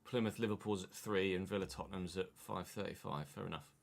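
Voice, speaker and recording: A man's voice: low-pitched, fairly even intonation, a little fast, gravelly. A man chatting casually on a live stream, muttering asides to himself and to chat.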